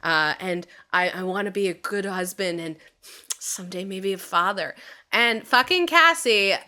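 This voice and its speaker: Young adult woman, bright voice, animated casual recap, quotes characters, laughs and swears. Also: medium pitch, unhurried. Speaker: podcast co-host.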